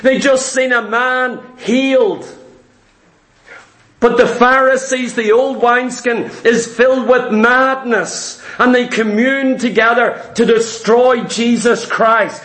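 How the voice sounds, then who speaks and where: A man preaching a sermon in an emphatic, repetitive style that at times rises to shouts. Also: very high voice, fairly even intonation, slow pace. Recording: echoey room.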